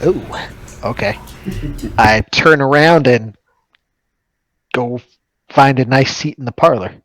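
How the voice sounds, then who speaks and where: A man's voice: mid-range voice, slow, a bit bright, dry recording, faint music behind, rough recording. A man playing a character in a tabletop game, talking in a hesitant way with fillers. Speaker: player. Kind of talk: tabletop role-play chat.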